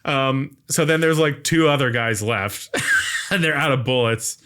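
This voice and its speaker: A man on a podcast walks through a film's plot scene by scene in a loose, rambling recap full of "like" and "um". His voice is bright and sharp, with a smooth, crisp clarity. It sits at an ordinary pitch for a man. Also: unhurried. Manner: rambling, filler-heavy retelling. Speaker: podcast host. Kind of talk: casual movie recap.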